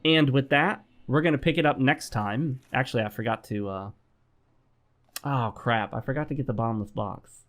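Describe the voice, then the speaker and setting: A man hosting a gameplay vlog, giving advice in a calm, instructive tone. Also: medium pitch, moderate pace. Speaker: gaming channel host. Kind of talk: advice talk over gameplay.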